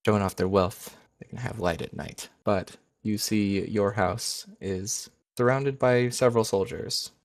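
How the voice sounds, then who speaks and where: Game master, man, very low voice, dry close sound, casual narration. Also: fairly even intonation, unhurried, few pauses, no echo. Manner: casual, self-correcting.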